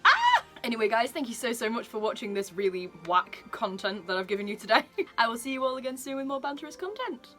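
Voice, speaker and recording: Fangirl reactor: woman, gushing and giggly, bright edge, a touch high. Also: quick pace, soft background music. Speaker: comic reaction vlogger. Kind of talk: excited reading reaction.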